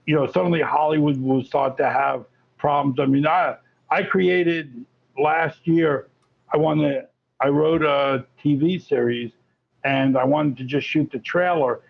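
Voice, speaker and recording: A man talking as a guest on an interview show, chatty and animated, often restarting his sentences. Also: medium pitch, creaky. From Florida. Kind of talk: casual interview talk. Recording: lo-fi muffled audio.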